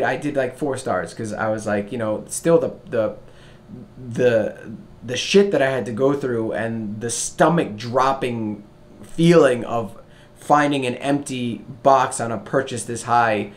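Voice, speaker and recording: A young man telling a story to camera in a casual vlog rant, swearing freely and swinging between loud outbursts and low mutters. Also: slight background noise. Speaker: vlogger.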